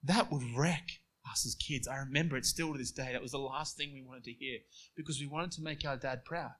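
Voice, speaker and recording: A man preaching a sermon, moving between quiet storytelling and emphatic passages. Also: medium pitch, fairly quick.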